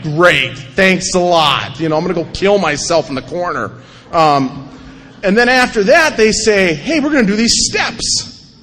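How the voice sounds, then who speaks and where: A man speaking at a recovery meeting, telling his own story with wry, animated humor and acting out the scenes. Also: a little high. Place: large meeting hall before an audience. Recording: long hall reverb.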